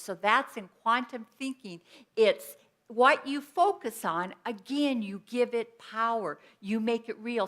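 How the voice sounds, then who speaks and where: A woman's voice: on the high side, fairly bright tone. A woman minister giving an earnest, personal sermon in a conversational teaching style with everyday examples.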